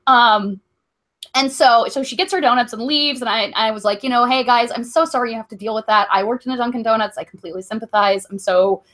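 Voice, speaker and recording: Young woman podcaster, rambling storyteller, bright voice pitched on the high side. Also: a little fast. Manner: rambling, full of likes and ums. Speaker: comedy podcast co-host. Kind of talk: casual storytelling chat.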